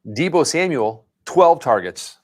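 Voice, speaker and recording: A man's voice: on the high side, very animated, measured pace. A man co-hosting a casual live sports stream, reading stats aloud in a chatty, matter-of-fact way.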